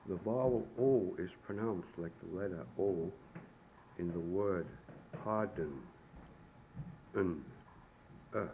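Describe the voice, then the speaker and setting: A man with a very low, dark voice teaches pronunciation at an unhurried pace. He says each word slowly and repeats it twice. A faint hiss sits under the recording. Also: highs cut off. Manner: slow and repetitive, modeling each word twice. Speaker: language teacher. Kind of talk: pronunciation lesson.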